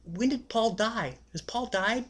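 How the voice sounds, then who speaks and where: A man voicing his confused, dazed young friend, asking bewildered questions in a raised, drawn-out voice. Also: high-pitched, pitched above the performer's own voice.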